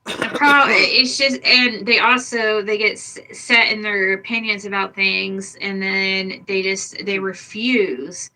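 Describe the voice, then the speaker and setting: A woman's voice: medium pitch, steady tone, slow, few pauses, sharp tone, poor audio. An older woman chatting casually on a livestream, blunt and exasperated, swearing freely as she vents. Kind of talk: casual chat.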